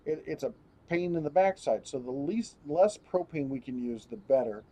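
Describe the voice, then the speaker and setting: A man's voice: fairly high pitch, animated, moderate pace, mellow, highs cut off. A man hosting a casual live stream, rambling as he reads viewer comments aloud and chats. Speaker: host.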